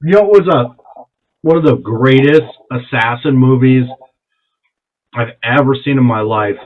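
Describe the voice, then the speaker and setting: A young man in casual podcast chat, excitable and profane, retelling movie scenes with quoted voices. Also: medium pitch, normal speed. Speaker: podcast co-host. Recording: dull lo-fi sound with faint noise.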